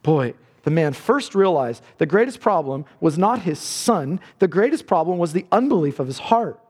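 A man's voice: fairly high pitch, big pitch swings, normal speed, darkish tone, breathy edge. A male pastor preaching a sermon in a church, earnest and building to fervent emphasis. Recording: long reverb of a large hall.

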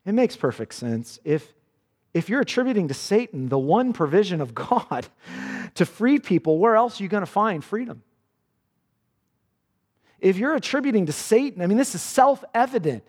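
A man's voice: high voice, very animated, normal speed, darkish tone, in a large hall. A male pastor preaching a sermon with earnest emphasis, quoting scripture dramatically.

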